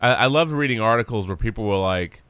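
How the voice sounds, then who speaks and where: A man with a bright voice chats about sports, joking and laughing often. His pitch swings widely as he talks, and the close microphone sounds dry. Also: fast talker, clean tone, no room sound. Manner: laughs often, jokey, lively. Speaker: podcast co-host. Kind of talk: casual sports chat.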